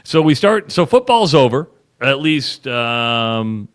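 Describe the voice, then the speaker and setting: A man's voice: medium pitch, sing-song, takes it slowly, a bit bright. A man co-hosting a sports radio show, chatting casually and retelling stories with lots of restarts. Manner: rambling storyteller, retells ads with quoted voices.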